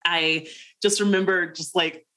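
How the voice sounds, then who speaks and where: A woman's voice: fairly low pitch, fairly even intonation, unhurried, pushed and bright. A woman in a casual podcast conversation, talking in an emotional, gushing way with frequent laughs.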